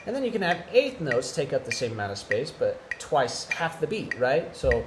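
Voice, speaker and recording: Against a noisy background, a man with a slightly high voice leads a church music lesson at a moderate pace, very animated. Patient and chatty, he counts the beats out loud and frequently checks in with "right?".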